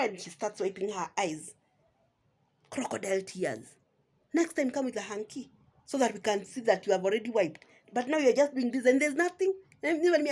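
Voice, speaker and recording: Her voice sits a little high, with a darkish, breathy edge, and she talks at a moderate, animated clip. She's a woman vlogger with a Kenyan accent, sarcastically scolding her rivals in a rant and repeatedly asking "eh?".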